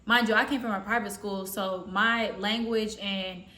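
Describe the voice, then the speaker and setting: A woman from the Southern US telling a story casually in a slangy, rambling way with animated quotes. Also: mid-range voice, normal speed. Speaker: storytime vlogger. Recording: roomy echo.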